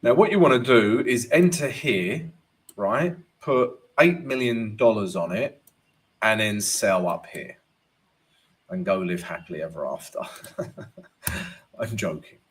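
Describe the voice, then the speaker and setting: Lively, chatty man hosting a trading stream. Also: fairly low pitch, takes it slowly, pauses often. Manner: casual, chatty, often adds "right?" and "guys"; laughs at his own jokes. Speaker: trading educator hosting a live Q&A. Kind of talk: live chart analysis and viewer Q&A.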